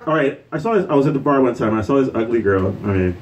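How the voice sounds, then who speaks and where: A male comedian from Puerto Rico works a bar crowd with a lively, swooping voice. He rambles loosely, full of fillers, and acts out the people in his stories. He sits a little back from the mic. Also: medium pitch, fast, far from the mic, poor audio. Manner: loose, rambling delivery with fillers and acted-out quotes. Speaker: stand-up comedian. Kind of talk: live stand-up comedy. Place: bar stage with a live audience.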